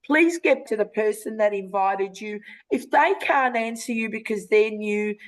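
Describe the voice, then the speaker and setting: An Australian woman hosting a live video call webinar, making a chatty, persuasive sales pitch with many fillers. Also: rough recording. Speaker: webinar host.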